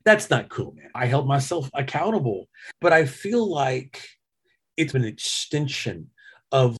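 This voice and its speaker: A man's voice: mid-range voice, sing-song, a little slow, fairly bright tone, breathy edge. A middle-aged man hosting a podcast, telling a story in a casual, self-mocking chat. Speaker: podcast host.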